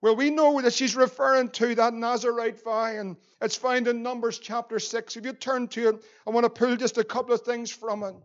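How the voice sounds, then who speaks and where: A man's voice: very high voice, fairly even intonation, moderate pace, few pauses, muffled recording. A man with a Northern Irish accent preaching a sermon as pastor, earnest and repeating phrases for emphasis.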